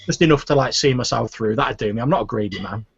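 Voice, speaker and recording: Man doing a stammering, apologetic guard, husky and a bit raised. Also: mid-range voice, lively intonation, fast. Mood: candid. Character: nervous, stammering young male town guard. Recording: muffled lo-fi recording.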